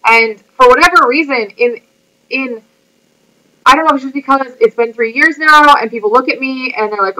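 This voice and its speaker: A woman fitness coach speaks to her viewers in a motivational vlog. Her voice is high and bright, with a sharp edge. She talks in a chatty, earnest, emotional way and fills her sentences with "like". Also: moderate pace, rough recording.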